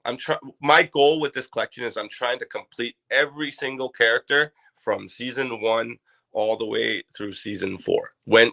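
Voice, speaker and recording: A man's voice: medium pitch, sharp tone. A man from Canada, a guest chatting on a podcast about his toy collection in a loose, enthusiastic way. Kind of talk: casual podcast chat.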